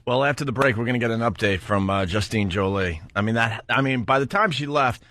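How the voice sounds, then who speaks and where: A man's voice: medium pitch, a little fast, fairly bright tone. A man hosting a radio talk show, bantering bluntly and teasing his guest.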